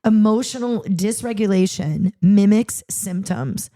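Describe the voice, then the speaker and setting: A woman hosting a podcast with a warm, mellow voice. She chats casually, laughs often and keeps moving the topic forward. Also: medium pitch. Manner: quick to laugh, steers the topic. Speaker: podcast host. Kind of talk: casual chat. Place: podcast studio.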